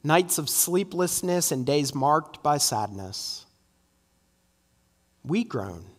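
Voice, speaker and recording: High-voiced preacher in an echoing hall. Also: male voice, sing-song, slow. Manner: earnest, emphatic preaching with repeated "right?" asides. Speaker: pastor. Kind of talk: sermon. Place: church sanctuary.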